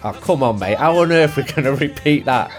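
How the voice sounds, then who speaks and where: A man hosts a football podcast, trading teasing jokes in relaxed chat. His voice sits at an ordinary mid pitch. Faint music plays underneath. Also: quick pace. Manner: jokey, teasing. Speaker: podcast host. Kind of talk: casual chat.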